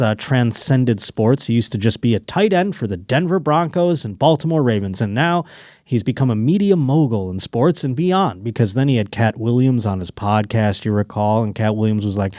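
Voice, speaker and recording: A man's voice: mid-range voice, darkish tone, no echo, clean studio sound. A man hosting a comedy podcast, telling rambling stories and riffing on the news in casual chat. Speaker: podcast host.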